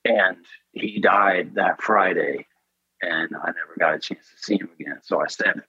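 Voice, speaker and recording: Husky, low-voiced man telling his story. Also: normal speed, pushed and bright, no room sound, highs cut off. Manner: earnest, emotional, intense. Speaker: podcast guest. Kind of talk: personal storytelling in an interview.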